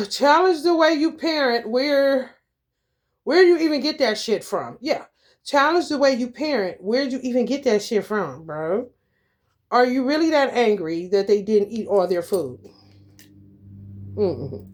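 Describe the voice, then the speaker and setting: A woman's voice: fairly high pitch, a little mellow. A woman tarot reader giving casual advice in a blunt, rambling, profane way, calling her listeners honey.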